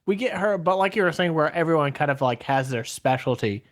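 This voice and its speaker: A man co-hosting a casual podcast, playful and quick to joke. His pitch moves around a lot, rising and falling with every thought. He sounds at ease and chatty. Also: expressive. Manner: playful, slips into jokey put-on voices. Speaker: podcast co-host. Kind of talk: casual chat.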